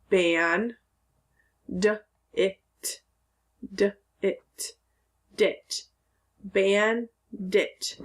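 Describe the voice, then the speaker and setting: Woman teacher reading slowly for little kids, breaks words into chunks, calm and patient. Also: mid-range voice, gravelly, a little hiss or hum. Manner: slow, patient, sounds words out syllable by syllable. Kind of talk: recorded phonics lesson for children.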